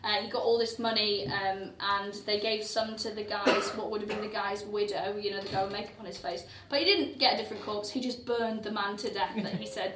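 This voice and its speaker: A female comedian co-hosting a live show at a windowless festival venue tells a crime story before an audience, swearing heavily, laughing often, and acting out the quotes. Her voice is medium-pitched, steady, normal in speed and a bit bright. It is picked up from a distant mic in a roomy space, with a little hiss or hum.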